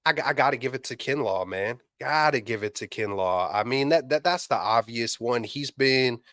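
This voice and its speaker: A man's voice: mid-range voice, lively intonation, moderate pace, a bit bright, dry recording, studio quality. A man co-hosting a casual sports talk show, loose and slangy, often repeating himself. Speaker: podcast co-host.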